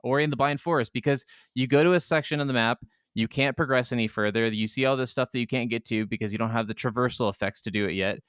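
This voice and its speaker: A man's voice: medium pitch, quick pace, hardly any pauses, fairly bright tone, clear, resonant tone, dry recording, clean studio sound. A man co-hosting a casual gaming podcast from a home setup, rambling and profane in a laid-back way. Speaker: podcast co-host.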